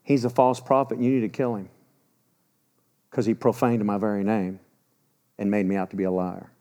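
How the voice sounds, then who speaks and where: A man's voice: lowish voice, little pitch movement, moderate pace, a little mellow, pitched below the performer's own voice, lightly acted. A man in his sixties preaching a sermon and voicing God as stern and exasperated, firing off insistent rhetorical questions. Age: 60s.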